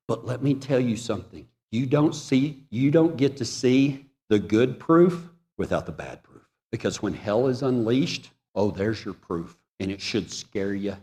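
Male preacher, fervent and pleading, medium pitch, recorded with a long echo in a hall. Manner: impassioned, swings between loud urging and hushed pleading. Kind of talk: sermon.

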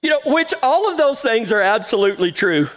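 A man's voice: very high voice, very animated, brisk, fairly bright tone. A middle-aged man telling a folksy story in a cowboy sermon, drawling and laughing at his own tale. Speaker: cowboy preacher.

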